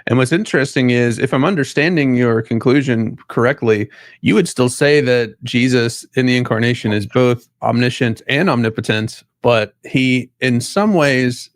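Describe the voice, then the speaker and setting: A man hosting a discussion over a video call, introducing his guest in a relaxed, conversational way. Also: mid-range voice, no echo, studio quality. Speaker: host. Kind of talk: casual interview chat.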